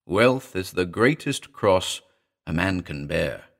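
A man's voice: low-pitched, lively intonation, slow, gravelly, a bit bright, full character voice. A man voicing a jittery, frightened young man who talks in urgent, panicky bursts. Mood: stunned, disbelieving.

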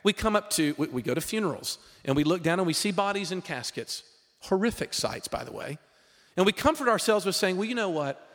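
A man preaching a sermon in a lively, conversational way, with frequent rhetorical questions to the congregation. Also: high-pitched, a little fast, long reverb tail. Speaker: pastor.

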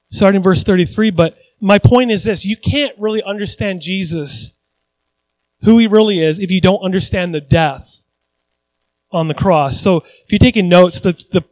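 A man preaching a sermon in a lively, conversational way, acting out quotes as he goes. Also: sits high, dry recording, low-quality recording. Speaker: pastor.

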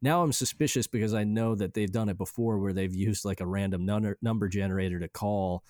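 A man's voice: fairly low pitch, a little fast, a little mellow, no echo, clean studio sound. A man co-hosting a podcast in casual chat, rambling with fillers and swearing as he plays back caller messages.

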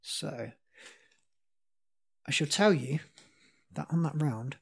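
A woman's voice: low voice, lively intonation, takes it slowly, slightly rough. Giggly woman hosting a chat show. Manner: giggly, upbeat. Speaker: podcast host. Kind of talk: casual chat hosting a quiz round.

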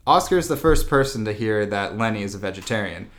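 A young man casually retelling a film plot, rambling, full of "like", slipping into quick goofy voices for the characters. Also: on the low side, lively intonation, a bit bright. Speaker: co-host recapping a film. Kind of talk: casual chat.

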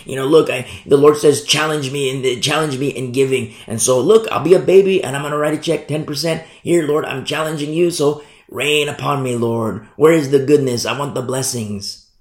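Pastor doing a self-satisfied young believer man who demands his reward; mid-pitched, echoey room. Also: steady tone, moderate pace, lightly acted. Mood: smug. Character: smug naive male churchgoer expecting blessings. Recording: roomy echo.

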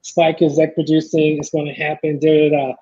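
A middle-aged man telling stories in a casual chat, acting out the people he quotes in lively voices. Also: on the high side, fairly quick. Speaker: podcast guest, filmmaker. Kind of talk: casual storytelling. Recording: dull lo-fi sound.

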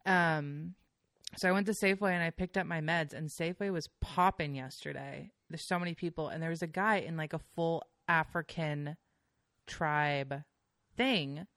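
A woman's voice: deep voice, normal speed, fairly bright tone, no echo, studio quality. A young adult woman, a podcast guest, telling casual stories full of fillers and swearing. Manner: chatty storyteller with frequent fillers and swearing. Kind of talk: casual chat.

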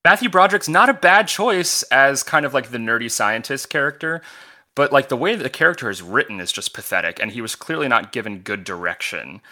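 Bright-voiced man critiquing a film. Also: mid-range voice, lively intonation. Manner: critical, articulate, quick to mimic lines. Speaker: film podcast panelist. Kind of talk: casual film review chat.

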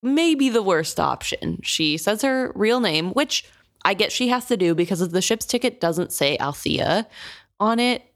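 A woman co-hosting a casual book discussion, animated and exasperated with the characters. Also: mid-range voice, unhurried. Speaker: podcast co-host.

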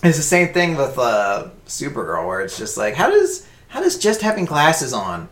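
A young man co-hosting a casual podcast chat, animated and swearing freely, slipping into mocking put-on voices. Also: a little high, normal speed. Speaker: podcast co-host. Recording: echoey room.

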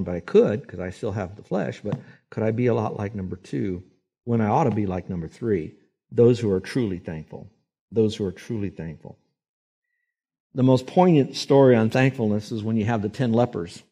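A man preaching a sermon, animated and acting out voices when he quotes people. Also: fairly low pitch, fairly quick, husky. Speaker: pastor.

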